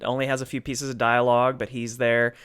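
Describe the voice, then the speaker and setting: A man with a middle-pitched voice co-hosts a podcast. He chats in a relaxed way, laughs easily, and walks through details at an easy pace. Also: brisk, smooth. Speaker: podcast co-host. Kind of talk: casual chat.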